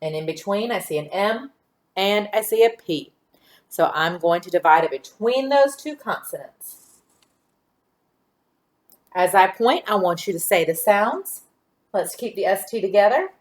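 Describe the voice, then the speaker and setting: A woman teacher giving a phonics lesson to young children, sounding out letters and syllables deliberately and praising answers. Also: medium pitch, lively intonation.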